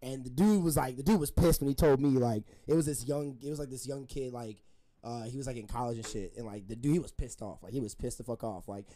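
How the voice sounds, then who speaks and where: A man's voice: mid-range voice, fast talker, mellow. A young man telling a story in casual podcast chat, rambling with lots of fillers and frequent laughter.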